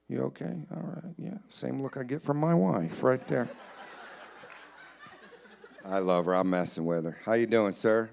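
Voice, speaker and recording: A man doing comedy crowd work in a church hall, teasing audience members in quick banter. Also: medium pitch, gravelly. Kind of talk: live stand-up crowd work.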